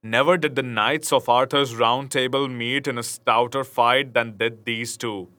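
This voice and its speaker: A man's voice: medium pitch, fairly even intonation, unhurried, bright, forceful tone. A man reading a classic storybook aloud, expressively, with brief casual asides. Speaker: narrator.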